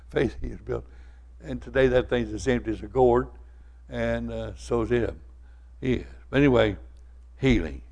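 Folksy older preacher. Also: male voice, medium pitch, gravelly. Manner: folksy storytelling preacher, swings from loud to soft. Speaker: pastor. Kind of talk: sermon.

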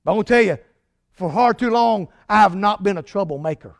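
A man preaching a sermon as pastor, emphatic, swinging from loud declarations to hushed lines. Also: high-pitched, a little fast, dry recording, studio quality.

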